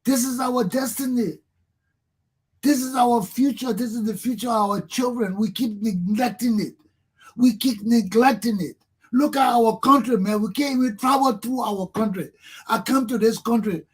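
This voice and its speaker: A middle-aged man with a Liberian accent speaks in a fervent talk-show monologue. His voice sits high and has a husky edge. He drives his points home with repeated rhetorical questions. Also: moderate pace. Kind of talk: impassioned monologue.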